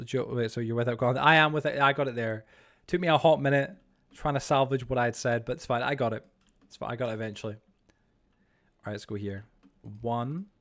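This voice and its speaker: A man chatting loosely on a game stream, his voice sitting at an everyday middle pitch. He wanders from thought to thought, trips over his words and swears as he goes, and he often makes himself the butt of the joke. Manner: rambling, sweary, self-mocking, stammers. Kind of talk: casual chat while gaming.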